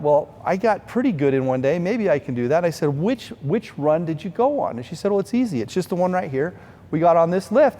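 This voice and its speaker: Middle-aged man, fundraiser speech, warm mellow voice, earnest storytelling, long reverb. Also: a little high. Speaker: speaker at fundraising event.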